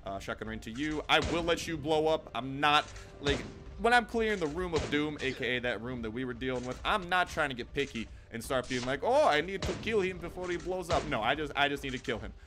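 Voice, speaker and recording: A man's voice: medium pitch, animated, fairly quick, over music. A young man casually commenting on his own gameplay, goofy and chatty, joking and talking to the enemies as he plays. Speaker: gaming YouTuber.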